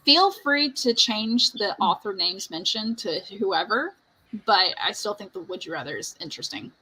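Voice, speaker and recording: A woman's voice: mid-range voice, lively intonation, normal speed, bright, forceful tone, slightly rough, rough recording. A woman hosting a livestream, telling a family story in chatty conversation and laughing often. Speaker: livestream host. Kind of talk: casual group chat on a livestream.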